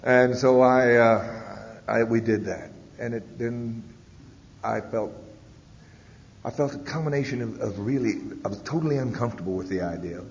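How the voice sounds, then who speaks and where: A man giving a personal testimony talk at a convention, telling his story bluntly with frequent "uh" and "you know". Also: normal speed. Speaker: speaker at a recovery convention. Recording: echoey hall, dull 1990s tape, faint rumble.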